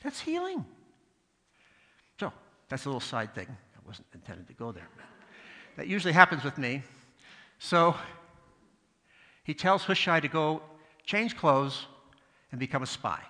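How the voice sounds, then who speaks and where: A man's voice: a little high, big pitch swings, a little slow, long pauses, sharp tone. A male pastor giving a sermon, telling stories with asides and acting out the voices of the people in them. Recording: long hall reverb.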